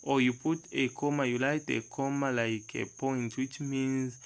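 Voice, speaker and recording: Slow, gravelly man teaching math. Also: mid-range voice, little pitch movement, rough recording. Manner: slow, repeats numbers aloud, asks the class rhetorical questions. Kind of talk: step-by-step lesson.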